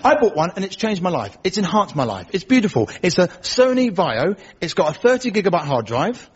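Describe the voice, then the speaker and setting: A man performing a stand-up comedy set, telling dry one-liners in a deadpan way and acting out other people's lines. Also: sits high, fairly quick, slightly rough. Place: comedy club stage before a laughing audience. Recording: dull live recording with audience noise. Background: audience laughter.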